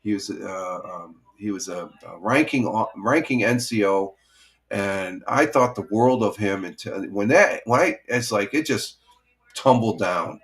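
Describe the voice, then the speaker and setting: With a lowish, slightly bright voice and a measured pace, a middle-aged man runs a casual morning chat stream. He rambles, keeps restarting, chuckles, and calls out viewers by name.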